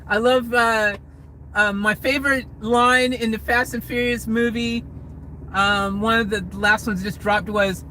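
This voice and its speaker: This US man, a vlogger in a car, has a high, bright and forceful voice with fairly even intonation and a measured pace; the recording is rough with a little hiss or hum. On his livestream Q&A he reads comments and gives rambling, hedged answers with lots of restarts.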